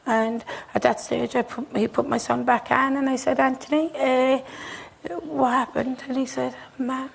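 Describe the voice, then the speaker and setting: Irish woman guest on a TV studio couch, very gravelly voice and flat intonation, halting, breaks into whispers. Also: high-pitched, poor audio. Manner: halting, repeats herself, drops to near whispers. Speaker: bereaved mother, guest. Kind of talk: emotional interview recollection.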